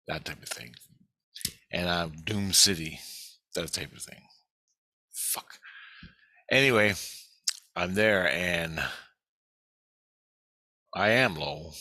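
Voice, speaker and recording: A man with a lowish voice tells a long story off the cuff, swearing freely as he rambles on. His tone is bright and forceful, and he keeps hammering his points home. The sound is close and dry, with no room around it. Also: dry recording. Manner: profane, rambling, emphatic. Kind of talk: casual monologue recounting a dream.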